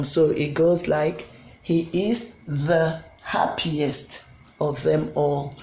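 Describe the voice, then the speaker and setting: Slow, deliberate tutor in an echoey room. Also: medium pitch, mellow. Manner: slow and deliberate, spells out letters, frequent ums. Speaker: English tutor. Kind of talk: recorded grammar lesson. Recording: roomy echo with faint background hum.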